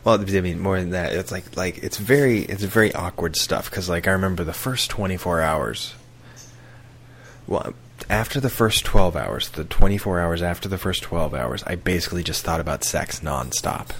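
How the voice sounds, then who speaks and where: A man's voice: low-pitched, normal speed, a bit bright, slight background noise. A man in his thirties, a podcast co-host, telling rambling stories in easygoing casual chat.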